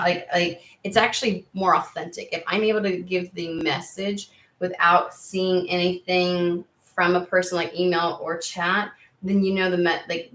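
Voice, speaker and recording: A woman's voice: lowish voice, fairly bright tone. A woman hosting a tarot livestream, talking casually, swearing freely and reacting to viewer comments. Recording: roomy echo.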